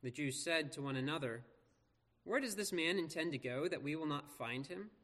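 A man preaching in an earnest, measured way, leaning on slow pauses for emphasis. His voice sits a little higher than most men's. The words ring out with the long reverb of a big church hall. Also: lively intonation, fairly bright tone. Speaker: pastor. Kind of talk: scripture reading and sermon.

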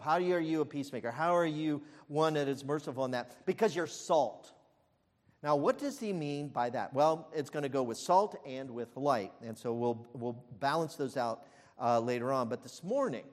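Emphatic male preacher in a reverberant hall. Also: a little high. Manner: emphatic preaching with frequent fillers and restarts, swelling to loud peaks. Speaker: pastor. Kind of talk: sermon.

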